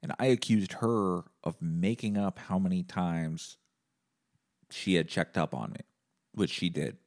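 A man hosting a podcast, telling a comedic story as a deadpan, profane rant and acting out both sides of the argument himself. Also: deep voice, a little slow. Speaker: podcast host.

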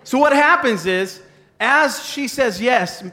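High-voiced man preaching in an echoing hall. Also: normal speed. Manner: animated, joking, conversational. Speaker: pastor. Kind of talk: sermon with a live demonstration. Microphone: wearing a mic. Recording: long reverb of a large hall.

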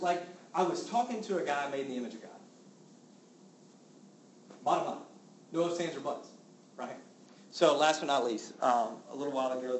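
A man preaching a sermon as a pastor, getting loud and exclaiming when indignant. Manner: animated, exclaiming with rising pitch when indignant. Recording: roomy with faint background noise.

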